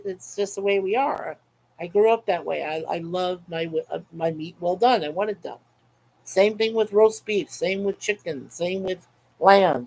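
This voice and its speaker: A man's voice: high-pitched, darkish tone, poor audio. Guy chatting on his webcam stream, rambly and laughing a lot, keeps repeating himself. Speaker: livestream host reading chat. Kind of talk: casual chat.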